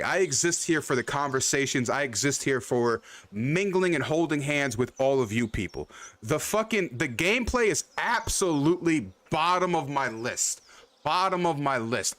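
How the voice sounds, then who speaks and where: Young guy streamer, kinda high voice, rambles and swears a lot, greets chat by name. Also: a bit bright. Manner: loose, rambling, swears freely, repeats himself; addresses viewers by name. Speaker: livestream host. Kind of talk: casual chat with live chat.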